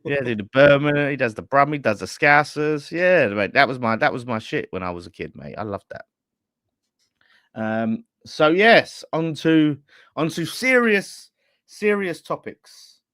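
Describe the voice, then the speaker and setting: A man hosts a football fan show, chatting loosely and reading out viewer messages. His voice sits in a middle pitch. The sound is close and dry. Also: lively intonation, a little slow, a bit bright, no room sound. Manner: chatty, laughing, banter with co-host. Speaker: fan channel host. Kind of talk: casual chat.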